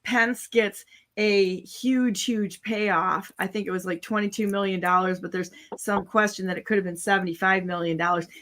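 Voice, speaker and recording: A woman's voice: mid-range voice, fairly bright tone. A woman hosts a casual online talk show. She talks in a blunt, cynical way and rambles from one point to the next, and she comes through over a video call. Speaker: show host.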